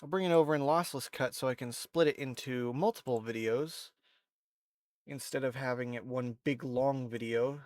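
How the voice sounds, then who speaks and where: Man, nasal congested voice, allergy sniffles, casual rambling tutorial, mid pitch, dry close sound. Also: moderate pace, dry recording. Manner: rambling, relaxed, self-correcting. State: stuffy with allergies, sniffling and coughing. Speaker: video creator. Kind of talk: casual screen-recorded tutorial. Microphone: desk microphone.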